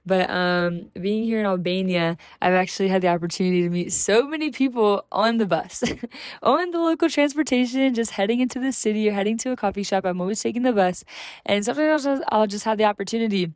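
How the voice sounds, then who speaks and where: A woman's voice: mid-range voice, brisk, a little mellow, no room sound, clean studio sound. A young woman hosting a casual faith podcast, chatty and upbeat with many fillers, acting out her own small talk with strangers. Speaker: podcast host. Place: small room, filmed live.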